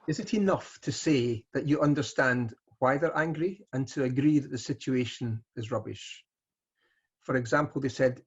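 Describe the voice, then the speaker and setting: A moderator asking a question in a webinar, halting and hesitant. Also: medium pitch, husky. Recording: dull lo-fi audio.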